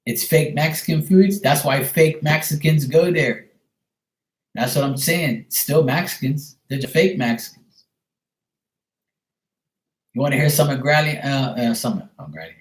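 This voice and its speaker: A man's voice: on the high side, moderate pace, roomy sound. A man hosting a casual livestream chat, talking in a joking, crude, rambling way. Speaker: livestream host.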